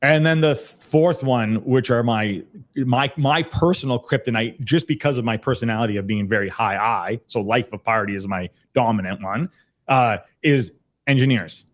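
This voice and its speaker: Guy on a video call, mid-pitched, excited, keeps restarting sentences. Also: moderate pace. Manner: energetic, repeats words and restarts often. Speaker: podcast guest, sales trainer. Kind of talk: casual conversational explanation. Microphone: computer on a video call.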